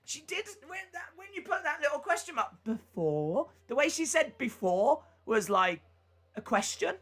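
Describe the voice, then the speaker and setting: A man's voice: very high voice, very animated, moderate pace, bright, forceful tone. A man hosting a live reaction stream, chatting casually and rambling with fillers and asides between moments of commentary.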